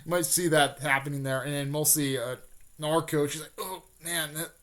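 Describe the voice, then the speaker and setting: A man's voice: fairly high pitch, fairly even intonation, fairly bright tone. Rambling man retelling a fan story. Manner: rambling, many fillers and restarts; acts out characters' lines in quick snippets.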